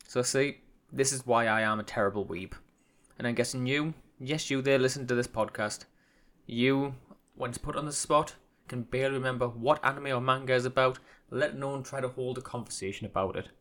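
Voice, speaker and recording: A man's voice: medium pitch, steady tone, moderate pace, a bit bright. Rambling self-deprecating podcaster man. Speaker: podcast host. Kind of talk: casual solo podcast monologue.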